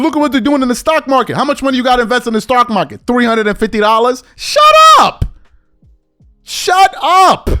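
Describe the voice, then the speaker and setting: A man's voice: very high voice, a bit bright. A man hosting a podcast, delivering an exasperated opinion rant full of repeated rhetorical questions. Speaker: podcast host.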